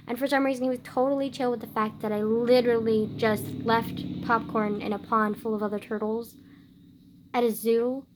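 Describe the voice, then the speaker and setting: A girl in her late teens chatting casually to camera, telling a story with lots of "like," swinging between loud outbursts and quiet asides. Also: fairly high pitch, level tone, normal speed, slight background noise. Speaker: vlogger.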